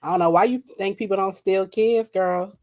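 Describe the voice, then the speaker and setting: A woman's voice: mid-range voice, steady tone, normal speed, darkish tone. A woman streaming live at night and making mocking, rambling, profane comments about a video while she laughs at her own jokes.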